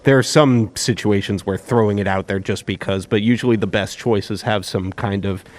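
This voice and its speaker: A man on a convention panel, a voice actor chatting casually and joking with many restarts. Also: on the low side. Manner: joking, quick laughs, restarts.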